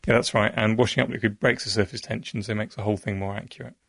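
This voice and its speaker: A man's voice: fairly low pitch, steady tone, racing, vocal fry, fairly bright tone, no room sound, studio quality. A man, a science expert guest, patiently explaining an experiment step by step.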